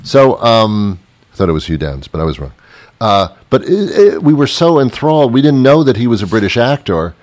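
A man's voice: medium pitch, sing-song, fairly quick, darkish tone. A man co-hosting a podcast, chatting casually with a dry, teasing humor. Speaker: podcast co-host. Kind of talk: casual chat.

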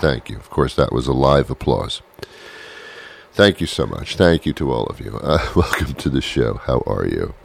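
A man's voice: rumbling low, creaky, darkish tone, no echo. A man hosting a comedy show, rambling through a playful, self-mocking monologue full of restarts.

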